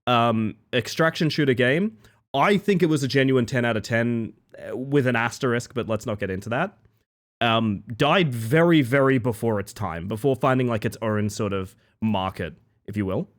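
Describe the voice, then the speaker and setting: A man's voice: medium pitch, normal speed. A man chatting casually with his live-stream chat, rambling playfully and greeting viewers by name.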